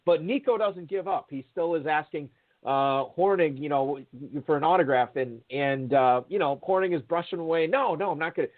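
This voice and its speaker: A man's voice: a little high, normal speed. Man telling a story over a tinny line. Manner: rambling storyteller with many fillers and restarts. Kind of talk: casual anecdote over a call. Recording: tinny phone-line audio.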